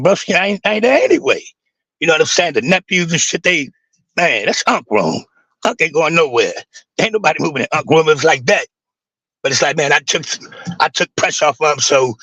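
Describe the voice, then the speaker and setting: A man with a gravelly, husky voice tells a grieving personal story in street slang, stumbling over his words and circling back. His tone is bright and edgy. The sound is dry and close. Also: fairly high pitch, dry recording, rough recording. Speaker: livestream host.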